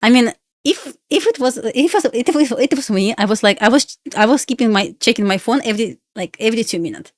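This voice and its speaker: A woman's voice: on the high side, expressive, a little fast, few pauses, no echo, clean studio sound. A young woman with a Russian accent chatting on a live trading stream, pleading with the chart and laughing often. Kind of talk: casual live-stream chat.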